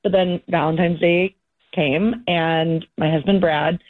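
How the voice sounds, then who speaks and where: A woman's voice: fairly low pitch, steady tone, slow pace. A woman calling in to a radio show, telling her story in a chatty, candid way over the phone. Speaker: caller. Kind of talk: call-in radio chat. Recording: tinny phone line.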